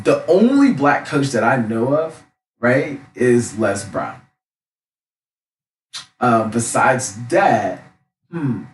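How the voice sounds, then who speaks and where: A young man who coaches, talking loudly and passionately in a casual monologue, often tagging his sentences with a question. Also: mid-range voice. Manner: loud and passionate; frequent tag questions. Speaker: life coach. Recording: roomy, mic at a distance.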